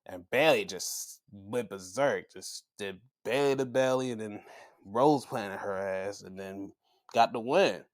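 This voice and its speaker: A man hosting a podcast, recapping matches in casual, profane talk and acting out quotes in a high voice. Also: measured pace. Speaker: podcast host.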